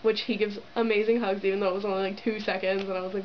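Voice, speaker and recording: This vlogger races through her excited story to camera in a mid-range voice with little pitch movement. She's a giddy, giggly young woman full of "like" fillers, recorded on dull lo-fi camera audio that carries a bit of hiss or hum.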